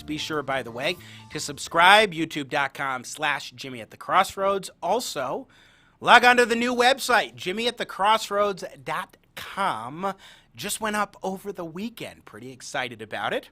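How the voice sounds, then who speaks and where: A man's voice: a little high, animated, moderate pace, sharp tone, faint music behind. A man hosting his talk show, upbeat and promotional as he introduces a guest. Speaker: host.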